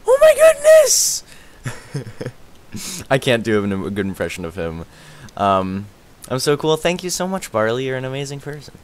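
A man streaming a game live, rambling excitedly, answering chat and thanking viewers as he plays. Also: mid-range voice, a little fast, clear, resonant tone. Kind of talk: live gaming stream chatter.

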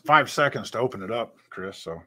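A man chatting casually as a guest, who stammers and lets his sentences fade out quietly. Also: mid-range voice, a little fast. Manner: stammering, trails off quietly at phrase ends. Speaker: guest on a livestream. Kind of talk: casual chat. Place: at home.

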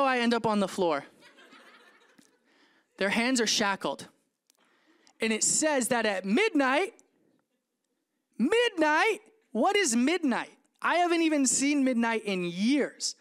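A male pastor preaching a sermon in an animated, playful way, acting out scenes and joking with the congregation. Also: high voice, clear, resonant tone.

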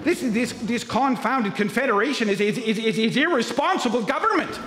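A man's voice: very high-pitched, expressive, brisk. A man playing a blustering, stammering politician from the 1800s giving a pompous speech. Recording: echoey hall with crowd.

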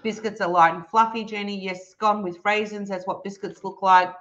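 Bright, playful Australian woman streamer. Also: medium pitch, normal speed, lo-fi sound. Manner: playful, teasing, animated, laughs often. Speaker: livestream host reading chat. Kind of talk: casual live-stream chat.

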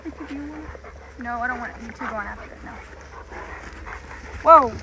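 A woman's voice: fairly high pitch, fairly quick, noisy background. A woman playfully teasing dogs outdoors, speaking from a distance off the mic. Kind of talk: casual chat with dogs. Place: outdoors in a yard.

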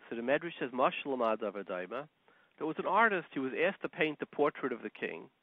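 Animated male rabbi over a tinny line. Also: mid-range voice, fast, breathy edge, no echo. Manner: animated storyteller mixing Hebrew and Yiddish terms. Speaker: rabbi lecturer. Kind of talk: Torah lecture. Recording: tinny phone-line sound, dry.

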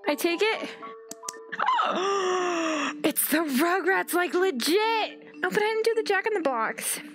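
A woman's voice: very high-pitched, animated, moderate pace, fairly bright tone, soft background music. A young woman hosting a let's-play video, giving giddy, chatty commentary that breaks into squeals. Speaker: gaming video host.

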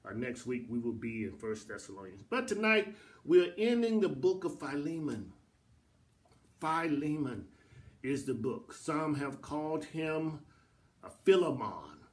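A middle-aged pastor teaching a Bible study in a church, with a repetitive preacherly cadence that builds to emphatic peaks. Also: male voice, a little high, expressive, measured pace. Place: church sanctuary.

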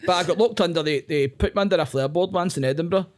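A young Glaswegian man, a comedian guest on a podcast, telling rapid, sweary anecdotes and often breaking into laughter. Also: high voice. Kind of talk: casual podcast chat.

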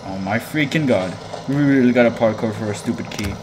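A man's voice: mid-range voice, fairly quick, noisy background. A man hosting a horror game let's-play, nervously joking and pleading with the game in casual commentary. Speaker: gaming channel host.

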